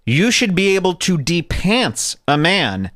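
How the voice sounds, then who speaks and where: A young man riffing through crude, comic stories on a podcast, his pitch swinging widely as he tells them. The sound is dry and close to the mic, and he often drops into silly put-on voices. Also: big pitch swings, measured pace, a bit bright, no room sound. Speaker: podcast host. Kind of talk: casual comedic storytelling.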